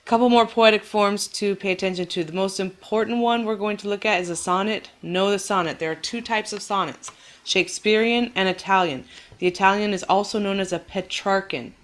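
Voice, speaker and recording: A woman teacher giving a recorded lecture, explaining patiently and clearly and reassuring her students, exaggerating the stress on words when she demonstrates rhythm. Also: mid-range voice, steady tone, brisk.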